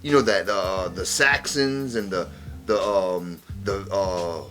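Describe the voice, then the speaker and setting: A man's voice: sits low, slow, a bit bright, soft background music. A man hosting a casual podcast, prompting his guest and explaining ideas with a lot of repetition. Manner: prompting, explaining, repeats himself. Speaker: podcast host. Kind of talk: casual discussion.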